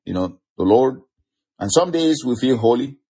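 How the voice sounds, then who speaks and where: A man preaching a sermon, teaching slowly and emphatically, stretching key words and chuckling now and then. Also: mid-range voice, animated, dark tone, husky. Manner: slow, emphatic teaching with chuckles and varied pace.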